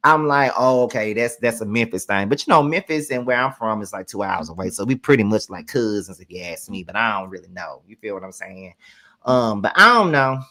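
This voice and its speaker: A woman's voice: rumbling low, expressive, brisk, pushed and bright. A woman from Mississippi with a Mississippi accent, hosting casual reaction commentary in a chatty, rambling way. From Canton, Mississippi. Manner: rambling, chatty, circles back on her points. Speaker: commentary host.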